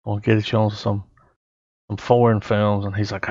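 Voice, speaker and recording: A man's voice: lowish voice, little pitch movement, moderate pace, darkish tone, no echo, dull audio. A man in a casual movie chat, cursing freely and replaying scenes by acting out the characters' lines.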